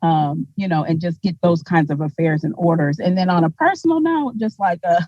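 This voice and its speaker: A woman's voice: lowish voice, moderate pace, dark tone, dry recording. A woman in her thirties on a family video call, chatting in an upbeat, faith-minded way. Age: 30s. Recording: dull lo-fi video call audio.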